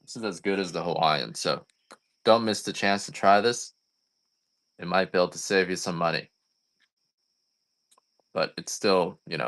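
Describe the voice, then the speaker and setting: A man's voice: low voice, vocal fry, fairly bright tone. A man, a coffee farmer selling on a live stream, chatting casually and going off on rambling, joking rants.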